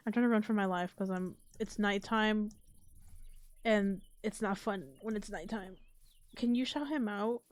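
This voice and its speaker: A woman streaming a block-building game late at night, chatting casually and swearing while keeping her slightly high voice down. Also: a little slow. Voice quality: slightly high, a little strange voice. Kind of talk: casual live-stream gameplay chat.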